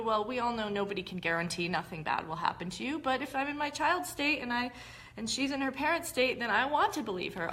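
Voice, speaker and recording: A woman's voice: fairly high pitch, animated, brisk, pushed and bright. A woman hosting a live-streamed talk, explaining ideas in a conversational, explanatory way. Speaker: host.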